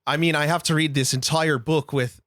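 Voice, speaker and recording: A young adult man, a podcast producer, talking about his life in a relaxed, rambling way as a guest. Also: a little high, a little fast, no room sound, studio quality. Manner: relaxed, rambling, repeats himself. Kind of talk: casual interview chat.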